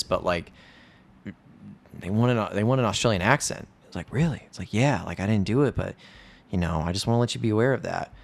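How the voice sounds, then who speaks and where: A man's voice: sits low, creaky, fairly bright tone. A man co-hosting a podcast in casual chat, recapping movie scenes and acting out the lines. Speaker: podcast co-host.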